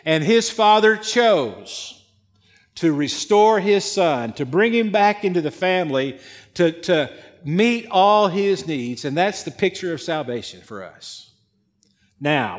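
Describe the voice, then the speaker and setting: A man's voice: fairly high pitch, long reverb tail. A man preaching a sermon, retelling a parable with emphatic, repetitive phrasing. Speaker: pastor.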